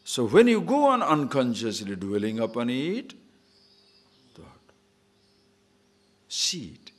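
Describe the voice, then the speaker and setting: Lively man giving a spiritual discourse. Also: medium pitch. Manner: lively, teasing rhetorical questions; chants short scripture verses slowly. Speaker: swami teaching scripture. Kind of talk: spiritual discourse to a live audience.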